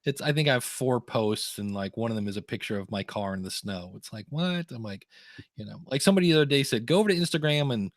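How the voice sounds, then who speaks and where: A man's voice: lowish voice, lively intonation, quick pace, no room sound, clean studio sound. A man hosting a podcast in casual chat, rambling through stories and acting out quotes in funny voices. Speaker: podcast host.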